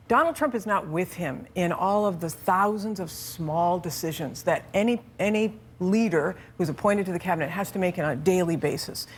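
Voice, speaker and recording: A woman's voice: on the low side, slight background noise. A woman commentator on a TV panel, building a pointed, emphatic argument. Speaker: political commentator. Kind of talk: panel debate.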